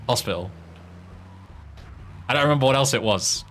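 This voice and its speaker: Brief: young British streamer, mid-pitched, casual and sweary, faint hum behind. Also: male voice, expressive, moderate pace, long pauses, a bit bright. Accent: British English. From Britain. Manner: swearing, laughing at his own attempts at tongue twisters. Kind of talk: casual gaming stream chat.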